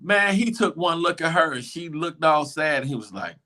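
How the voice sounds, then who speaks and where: A man co-hosting a casual talk show, excitable, shouting and laughing as he tells a story. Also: fairly high pitch, moderate pace, low-quality recording. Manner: excitable, shouts and laughs while telling stories. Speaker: co-host. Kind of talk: casual chat.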